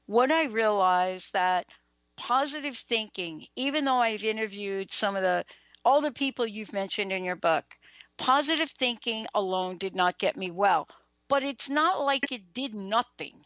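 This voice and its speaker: A woman hosts a radio talk show, asking questions in a chatty, animated way. Her voice sounds a little dull, without full brightness. The sound is dry and close. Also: mid-range voice, a little slow, no echo. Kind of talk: radio interview.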